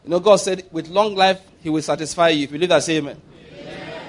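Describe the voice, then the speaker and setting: High-voiced Nigerian pastor preaching emphatically. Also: male voice, fast talker. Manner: emphatic, storytelling with laughs, repeats phrases for emphasis. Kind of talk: sermon, leading call-and-response declarations. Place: church.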